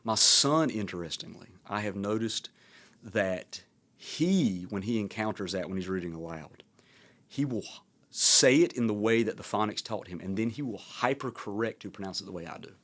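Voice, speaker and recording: A man in his thirties with a Southern American accent, speaking in a fairly low voice. He hosts a podcast conversation and muses reflectively, winding through his thoughts with plenty of fillers. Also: lively intonation, moderate pace, fairly bright tone. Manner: reflective, rambling, many fillers. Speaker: podcast host. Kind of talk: casual conversation.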